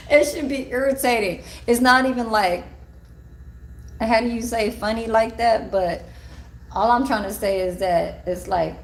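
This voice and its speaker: A woman who works at a care home, telling a casual, animated story. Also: fairly high pitch, measured pace, long pauses. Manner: gossipy, animated, swears and laughs while telling.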